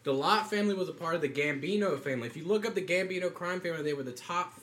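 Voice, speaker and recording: A man's voice: a little high, a bit bright. A young man co-hosting a casual podcast, explaining things insistently and at length. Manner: storytelling, insistent, drawn-out explanations. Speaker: podcast co-host. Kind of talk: casual chat.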